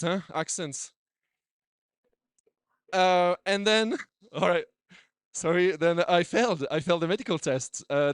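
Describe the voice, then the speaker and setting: A man's voice: a little high, smooth, dry recording. A man, a doctor, giving a conference talk with slides, chatty, with many restarts and repeated words. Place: conference hall.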